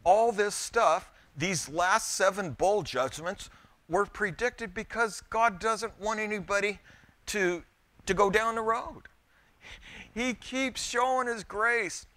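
Bright-voiced preacher telling folksy stories. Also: male voice, high-pitched, no echo. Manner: folksy storytelling, addressing the congregation directly. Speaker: pastor. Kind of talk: sermon.

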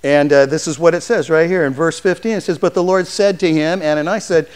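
A man in his sixties preaching a sermon, telling stories in an animated way and acting out voices. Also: sits high, fairly quick, few pauses, clear, resonant tone. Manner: animated storytelling, acts out voices. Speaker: pastor. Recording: long hall reverb.

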